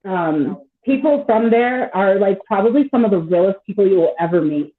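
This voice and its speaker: Mid-range in pitch with lively intonation and normal speed, this woman in her thirties chats casually on a live stream. She rambles with plenty of "like" and free swearing, and the sound is thin and phone-like.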